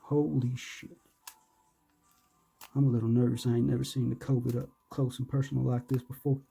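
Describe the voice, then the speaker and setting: A man's voice: medium pitch, flat delivery, moderate pace, creaky, dark tone, husky, faint music behind. A man doing casual, rambling unboxing commentary, joking, hyping himself up and cursing. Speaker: vlogger.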